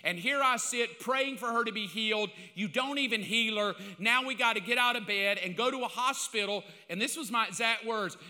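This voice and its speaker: An older man, a pastor, telling a personal story in a sermon, confessional and self-mocking, swinging between loud outbursts and hushed asides. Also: sits high, moderate pace, hardly any pauses, long reverb tail.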